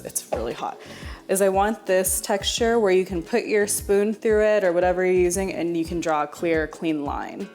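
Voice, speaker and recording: A woman's voice: mid-range voice, darkish tone. A young woman hosting a home cooking video, talking straight to the viewer in a friendly, chatty way. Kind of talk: casual cooking demonstration.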